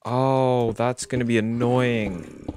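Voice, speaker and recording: A man's voice: mid-range voice, fairly even intonation, slow. A man streaming a video game, rambling casually and swearing as he plays. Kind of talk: casual live-stream commentary. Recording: noisy home stream recording.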